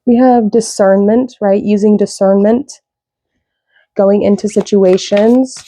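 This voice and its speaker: A woman giving a casual tarot reading, rambling with lots of fillers, slow when she reads out card meanings. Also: medium pitch, steady tone, dark tone, no echo. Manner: rambling, loose, with many fillers. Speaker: tarot reader.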